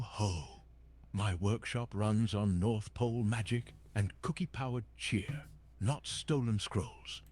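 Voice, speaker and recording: A man's voice: mid-range voice, darkish tone. A synthetic male voice playing a jolly old Santa Claus chatbot, chatting cheerily in holiday wordplay. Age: older.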